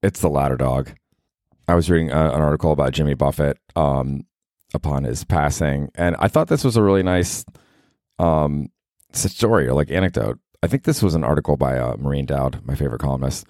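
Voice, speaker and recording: A man's voice: a bass voice, brisk, a little mellow, dry recording, studio quality. A man hosting a solo comedy podcast, rambling casually in a slangy, laid-back way.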